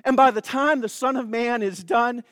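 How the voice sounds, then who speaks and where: A man's voice: extremely high pitch, moderate pace, fairly bright tone, dry recording, clean studio sound, long reverb tail. A man preaching a sermon, emphatic and calling out to the congregation.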